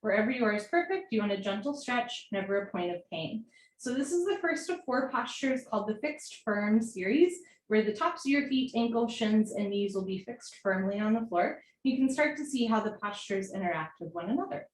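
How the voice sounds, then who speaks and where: A young woman teaching a live yoga class, giving brisk step-by-step cues and getting breathy as she does the poses along with the class. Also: medium pitch, animated. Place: room at home, live video call. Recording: roomy sound from far off the mic, faint hiss.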